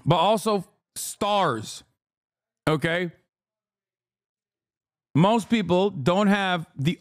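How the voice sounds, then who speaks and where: A man's voice: high-pitched, clean tone. A male streamer giving heated, profane, sarcastic commentary and arguing with his chat. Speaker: streamer reacting to a video.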